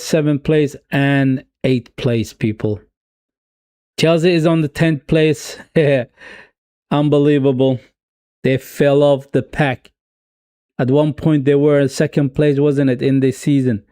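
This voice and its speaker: A man with a Swedish accent streaming a live football watch-along, excitedly cheering on his team and chatting casually with viewers. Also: mid-range voice, slow pace, smooth, no echo, studio quality. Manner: self-mocking, casual asides to viewers.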